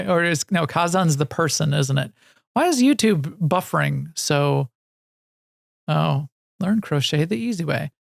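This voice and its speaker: A man's voice: on the high side, gravelly, dry recording, clean studio sound. A man co-hosting a video game podcast, chatting casually in a rambling, self-deprecating way with lots of restarts. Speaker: podcast co-host. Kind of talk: casual chat about video games.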